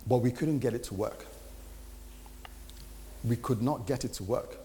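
Animated male preacher in a reverberant hall. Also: mid-range voice, unhurried, a little hiss or hum. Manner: animated, acts out quoted dialogue. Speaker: preacher giving a testimony. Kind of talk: sermon storytelling.

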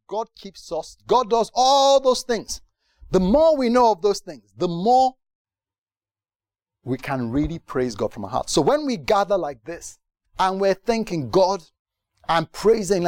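Animated man preaching a sermon. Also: high voice, no echo, clean studio sound. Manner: animated, swings from hushed to loud with rhetorical questions. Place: church gathering.

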